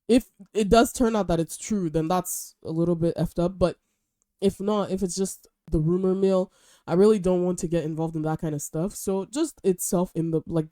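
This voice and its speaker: Young woman for a casual book-review vlog, mellow tone, slightly low pitch, dry close sound, gushes and rambles. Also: no echo. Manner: gushing, chatty, animated. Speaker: book vlogger and podcast host.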